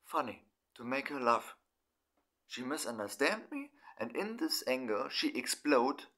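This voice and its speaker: A middle-aged German man speaking in halting, broken English. He talks through his feelings in a personal monologue and swears often. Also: medium pitch, very animated, pushed and bright. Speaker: vlogger.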